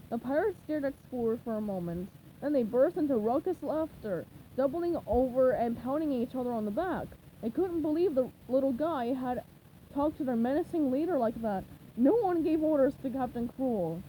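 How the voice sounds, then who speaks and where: A woman reading a children's chapter book aloud in a lively, expressive way. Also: high voice, moderate pace, a little hiss or hum, low-quality recording. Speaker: storybook reader.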